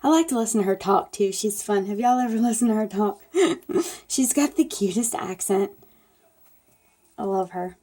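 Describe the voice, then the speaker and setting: Lady doing a craft tutorial, chatty and folksy, soft mellow voice. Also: mid-range voice, moderate pace. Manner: chatty, folksy, talks to viewers while working. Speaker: craft demonstrator.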